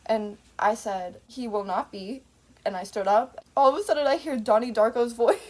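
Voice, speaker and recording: A woman's voice: on the high side, animated, moderate pace. Rambling woman vlogger, swearing freely. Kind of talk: rambling casual monologue.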